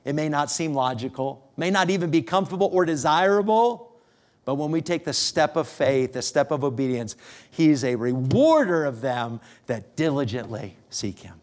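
A middle-aged man preaching a sermon as a pastor, telling a family story with gentle humor and lively rises and falls. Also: fairly high pitch, moderate pace. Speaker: pastor becoming missionary.

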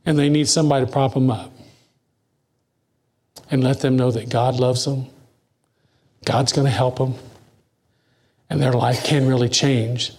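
A man preaching a sermon, reading scripture slowly and dropping to hushed asides between emphatic lines. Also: medium pitch, steady tone. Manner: reads scripture slowly and deliberately.

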